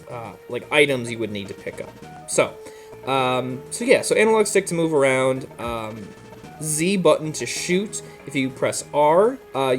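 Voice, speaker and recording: Easygoing male gamer explaining controls. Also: mid-range voice. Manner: relaxed, rambling, many fillers and laughs. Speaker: let's play host. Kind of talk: casual gameplay commentary.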